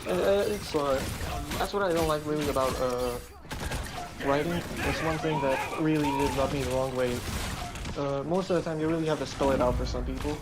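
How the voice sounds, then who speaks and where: A man's voice: on the high side, normal speed, background noise. A man streaming, chatting casually about his writing, rambling with lots of fillers. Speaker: vtuber streamer and web novel author. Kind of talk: casual chat.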